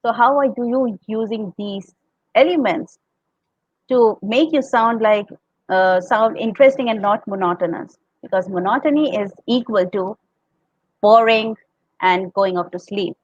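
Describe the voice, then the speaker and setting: A woman's voice: medium pitch, unhurried, no echo, highs cut off. A woman with an Indian accent on a podcast, explaining public speaking tips and acting out sample tones. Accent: Indian English. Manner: explanatory, demonstrates tones, laughs often.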